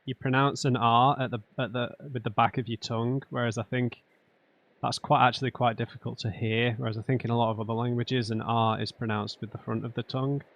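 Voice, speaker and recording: A man's voice: medium pitch, little pitch movement, fairly quick, a bit bright, no echo. A man doing let's play commentary, thinking aloud and muttering to himself while he works through a puzzle. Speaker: gamer.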